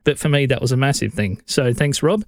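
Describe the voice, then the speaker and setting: A man's voice: mid-range voice, fairly quick, no room sound, studio quality. An Australian man hosting a solo podcast, giving blunt, conversational advice in an opinionated way. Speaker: podcast host.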